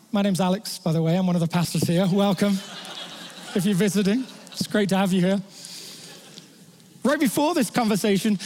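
A male pastor delivers a sermon in a church, his voice pitched fairly high for a man. He talks conversationally, dropping humorous asides to the congregation. A long reverb trails his words through the hall. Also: darkish tone.

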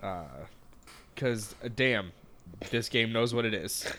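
A man's voice: medium pitch, slow pace, sharp tone. A man co-hosting a casual podcast, joking crudely and laughing often. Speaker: podcast co-host. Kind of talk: casual chat.

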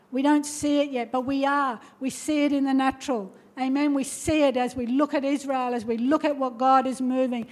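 High-voiced woman preaching. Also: steady tone, normal speed, a little mellow. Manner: emphatic, urging, with repeated rhetorical questions. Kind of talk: sermon. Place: church.

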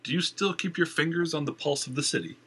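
A man's voice: fairly high pitch, fast, a bit bright, slightly rough, pitched above the performer's own voice. A man voicing Jenner, a blunt, serious man who asks direct, probing questions. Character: blunt, serious man, former theater hand.

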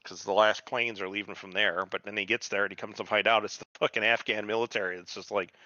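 A man's voice: fairly low pitch, fairly even intonation, quick pace, pushed and bright, dry recording, highs cut off. A man co-hosting a podcast, casually retelling a TV show with heavy swearing and quoted voices. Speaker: podcast co-host. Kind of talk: casual chat recapping a TV show.

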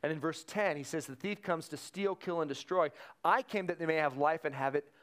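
A male pastor preaching a conversational sermon, slowing down to stress key phrases. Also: fairly high pitch, a bit bright. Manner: conversational preaching with fillers and restarts, slowing for emphasis.

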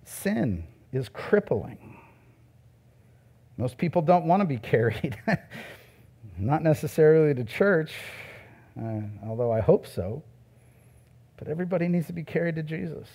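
Man preaching, lively and conversational. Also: a little high, unhurried, pauses often, slightly rough. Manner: conversational preaching with shifts between loud emphasis and soft asides. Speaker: pastor. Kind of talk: sermon.

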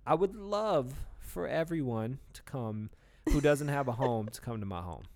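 A man's voice: mid-range voice, animated, normal speed, a little mellow. A man in casual podcast talk, rambling with lots of restarts and fillers. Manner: burps mid-talk. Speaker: podcast co-host. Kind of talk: casual chat.

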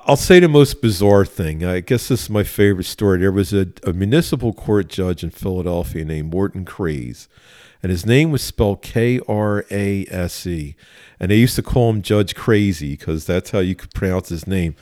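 A man's voice: low voice, animated, normal speed, mellow, no room sound, studio quality. A man, a police officer, telling an anecdote in a casual interview, with fillers and laughter. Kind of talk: casual storytelling.

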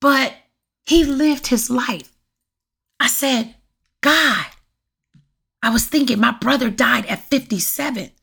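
A middle-aged woman hosting her own podcast, talking to listeners in a lively, preachy way and calling out to them often, with a voice that turns raspy at times. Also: fairly high pitch, a little slow. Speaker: podcast host. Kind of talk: casual solo podcast monologue. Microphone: USB condenser mic.

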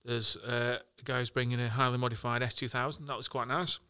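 Bloke, smooth bright voice, chatty, lots of ums. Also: male voice, medium pitch, flat delivery, fairly quick. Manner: chatty, hesitant with many ums. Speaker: event organiser. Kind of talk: casual chat.

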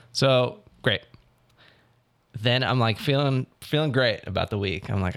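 A man's voice: on the low side, animated, brisk, fairly bright tone. A young man in casual chat, animatedly telling an audition story and quoting others. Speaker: actor telling about auditions.

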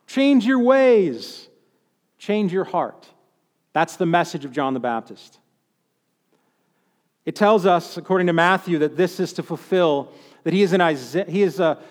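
A man's voice: a little high, in a large hall. A man preaching a sermon in a conversational, humorous way, acting out quotes as he goes. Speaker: pastor.

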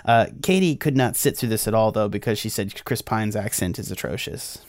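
A fairly low-pitched, fairly quick male voice belongs to an American co-host of a film review podcast. He talks casually, rambling and restarting often.

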